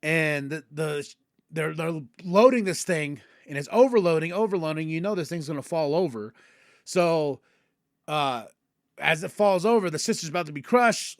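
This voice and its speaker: A man hosting a podcast, retelling episodes in casual chat and excitedly acting out characters' lines. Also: fairly high pitch, moderate pace, no echo, clean studio sound. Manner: excitable, acts out characters' lines mid-story. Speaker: podcast host.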